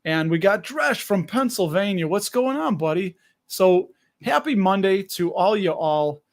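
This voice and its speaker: A man hosts a casual livestream, chatty and friendly as he greets viewers by name. His voice sits fairly high, and he sounds a little out of breath. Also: lively intonation, measured pace. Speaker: livestream host.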